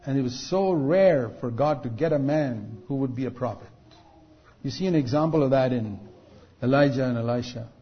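A man preaching a sermon, building to loud, drawn-out emphasis at key points. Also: mid-range voice. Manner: rises to loud, drawn-out emphasis on quoted rebukes. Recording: dull lo-fi recording.

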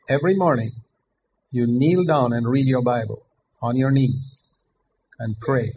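Older man, preacher, gravelly voice, earnest measured sermon, emphatic repetition. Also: mid-range voice, darkish tone, slight background noise, rough recording.

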